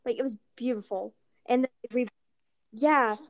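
A teenage girl chatting casually, telling animated stories and acting out what people said. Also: fairly high pitch, normal speed, dry recording, clean studio sound. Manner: animated storytelling, acting out quotes. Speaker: storyteller. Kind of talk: casual chat.

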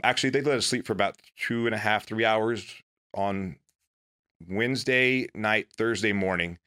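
A man's voice: lowish voice, a bit bright. A man, a former Navy SEAL, telling his own story in casual, earnest, self-deprecating talk.

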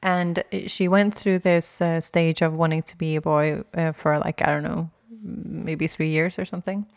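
A woman's voice: deep voice, steady tone, normal speed. Rambling, frank woman in her forties. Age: 40s. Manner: rambling, many restarts and fillers, frank with mild swearing. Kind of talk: casual chat.

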